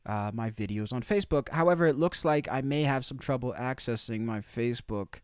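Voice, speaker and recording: A man's voice: medium pitch, a little fast, clear, resonant tone, no echo, clean studio sound. A man hosting opinionated live commentary from outside the United States, emphatic and repeating his key phrases. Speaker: commentary streamer.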